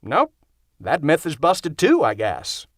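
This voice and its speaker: Nervous fed-up young vampire guy done by a man reading an audiobook, exasperated, pitch flying up and down, dry. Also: huge pitch swings, slow pace, no echo, heavily acted.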